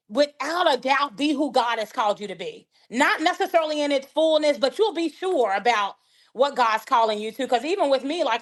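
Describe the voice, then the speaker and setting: A woman guest on a podcast, a life coach telling faith-filled stories and acting out the people in them. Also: sits high. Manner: animated, acts out dialogue in her stories. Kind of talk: faith-based conversational storytelling.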